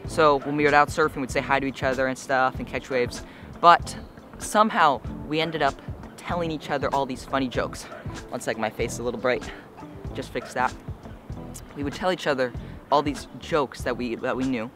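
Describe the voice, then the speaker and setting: A man's voice: mid-range voice, normal speed, music in the background. A young man vlogging to camera outdoors, slightly out of breath, chatting in a rambling, casual way with lots of fillers. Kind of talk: casual vlog talk to camera.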